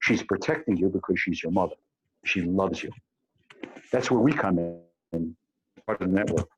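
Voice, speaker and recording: Deep and husky, the man talks at a normal speed through lo-fi sound with soft music playing behind him. As an expert on an Israeli panel about immigration to Israel, he leans on colorful everyday examples and pauses hesitantly a lot.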